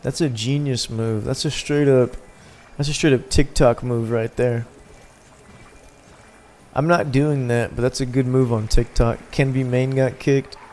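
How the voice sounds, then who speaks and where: A man's voice: medium pitch, steady tone, unhurried, a little mellow, slight background noise. A man hosting a casual gaming livestream, chatting loosely with his viewers while he plays. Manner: laid-back, chatting with viewers while playing. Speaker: livestream host.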